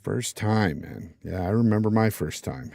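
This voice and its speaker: A man's voice: on the low side, normal speed, creaky, a little mellow, no echo, studio quality. A man hosting a casual gaming podcast, loose and joking, full of fillers and restarts. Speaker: podcast host.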